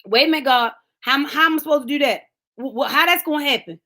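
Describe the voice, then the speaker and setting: Middle-aged woman, fervent motivational preacher, high bright voice, casual phrasing. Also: fast talker. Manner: fervent preaching, talks straight to listeners by name; colloquial, rising to shouts. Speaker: speaker of a lunchtime empowerment talk. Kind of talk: sermon-style motivational talk.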